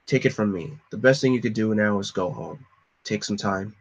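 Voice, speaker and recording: A man voicing a weary government agent who talks down in a low, quiet, condescending way in a comic reading. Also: moderate pace, creaky, muffled recording, slight background noise. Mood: cold, dismissive.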